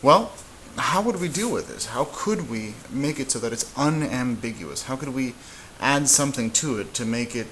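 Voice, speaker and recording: A man teaching a casual whiteboard lesson, relaxed and halting, with frequent fillers and restarts. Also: mid-range voice, slight background noise, rough recording. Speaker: Spanish teacher.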